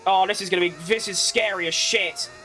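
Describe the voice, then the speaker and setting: A man giving live commentary over his racing game, excitable and quick to shout at close calls, with casual swearing. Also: high-pitched, soft background music. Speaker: gaming creator.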